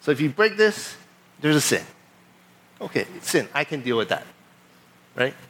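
A pastor preaching a sermon, talking in a relaxed, conversational way and acting out both sides of an exchange. He speaks with a fairly high voice. When he reads scripture he slows into a steadier, measured delivery. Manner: casual storytelling, animated retelling of a traffic stop.

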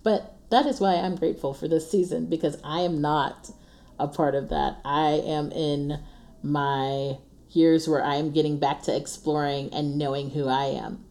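A woman's voice: low-pitched, fairly even intonation, a little slow, mellow. A woman, hosting an earnest, encouraging faith-based monologue in a casual tone, often laughing and repeating her refrains. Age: 40s. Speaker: podcast host.

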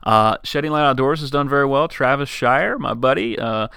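Male podcast host, easygoing chat, bright and crisp, dry close mic. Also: mid-range voice, moderate pace, dry recording. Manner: chatty, relaxed, with fillers and restarts. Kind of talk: casual podcast monologue.

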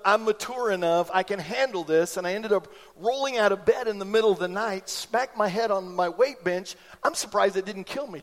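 A man in his forties preaching a sermon in church, an animated storyteller who acts out the voices in his anecdotes. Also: high-pitched, big-room sound. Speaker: pastor. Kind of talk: sermon with personal stories. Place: church sanctuary.

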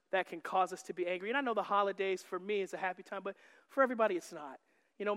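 A man preaching a sermon as pastor, joking and teasing the congregation, then building to shouted emphasis. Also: very high-pitched, in a large hall. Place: church sanctuary.

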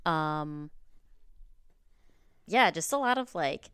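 Smooth-voiced, candid woman comedian. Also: sits low, lively intonation, slow, fairly bright tone, no room sound, studio quality. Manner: candid, self-deprecating, laughs easily. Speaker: stand-up comedian guest. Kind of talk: casual interview chat.

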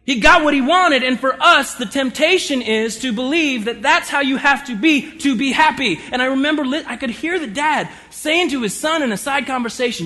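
Bright, high-voiced man preaching a sermon. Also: moderate pace, few pauses. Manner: storytelling, animated, shifts between loud and soft delivery. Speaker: pastor.

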